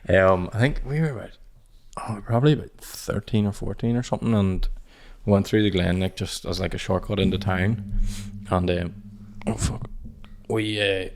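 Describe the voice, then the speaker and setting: A man's voice: low voice, moderate pace, a little mellow. A young man, co-hosting a podcast and telling stories from his childhood in sweary, casual chat full of "like". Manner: sweary, storytelling, peppered with "like". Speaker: podcast co-host.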